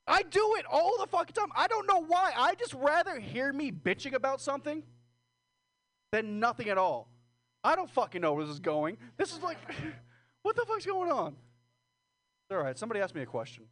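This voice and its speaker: A man's voice: very high-pitched, very animated, moderate pace, fairly bright tone. A man doing a rambling, crude, self-deprecating stand-up set on a small stage, laughing nervously between jokes. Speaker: stand-up comedian.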